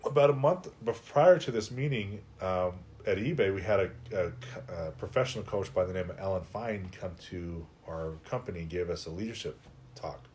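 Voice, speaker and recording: A middle-aged man with a somewhat low voice tells his own story as a podcast guest. He talks in a casual, animated way, with frequent "like"s, and his voice rises when he acts out his own doubts. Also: moderate pace. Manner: animated, conversational, heavy use of "like". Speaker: podcast guest, life coach. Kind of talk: personal storytelling in a podcast interview.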